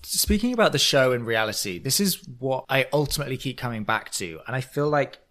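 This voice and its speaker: A man's voice: mid-range voice, lively intonation, a little fast, a bit bright. A man co-hosting a podcast in casual chat, analysing at length in long winding sentences. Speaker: podcast co-host.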